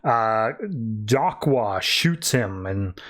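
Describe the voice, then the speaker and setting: A man's voice: lowish voice, animated, very slow, a bit bright. A man hosting a podcast, recapping a comic book issue in a loose, chatty way with plenty of fillers. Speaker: podcast host.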